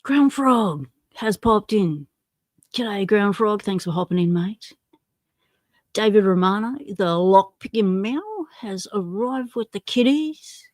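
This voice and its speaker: A woman's voice: mid-range voice, expressive, slow, darkish tone. An Australian woman chatting unhurriedly as she hosts a live stream. She greets viewers by name and pokes fun at herself. Her voice sounds dry and close, with no room echo. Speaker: livestream host. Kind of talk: casual livestream chat.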